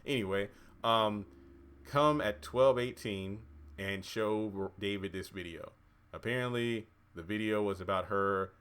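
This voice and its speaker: Male TV recapper, casual and excitable, lower-pitched voice, quick to exclaim. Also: clean tone. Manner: chatty, excitable, cheers and exclaims at scenes. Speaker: TV episode reviewer.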